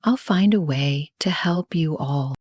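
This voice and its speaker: A kind, brave young girl from a bedtime story speaks in a soft, breathy whisper, as a woman puts her on. The whispered role-play stays gentle and close. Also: deep voice, a little slow, no echo.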